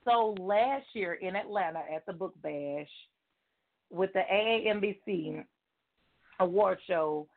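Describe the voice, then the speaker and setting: A woman guest on a chat show, an excitable storyteller who laughs often, heard over a video call. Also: mid-range voice, a little slow, gravelly. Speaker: guest author. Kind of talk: casual chat. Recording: phone-like call audio.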